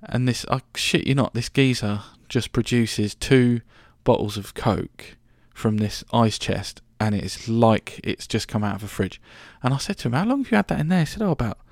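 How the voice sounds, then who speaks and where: Gravelly-voiced man telling travel stories. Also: fairly low pitch, normal speed, hardly any pauses, dry recording, studio quality. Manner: chatty, rambling, sweary, full of restarts. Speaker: podcast host. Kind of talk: casual storytelling monologue.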